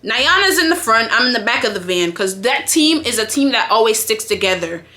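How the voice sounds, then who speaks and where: High, bright-voiced woman telling a story. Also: very animated, brisk. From Jamaica. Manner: candid, chatty, profane. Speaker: vlogger. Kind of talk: casual story time.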